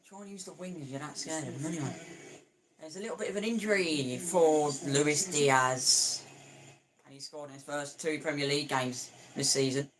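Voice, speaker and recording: A man's voice: on the high side, moderate pace, fairly bright tone. Chatty man commentating a football match live. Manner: chatty and opinionated, with frequent restarts and stumbles. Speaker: football watchalong streamer.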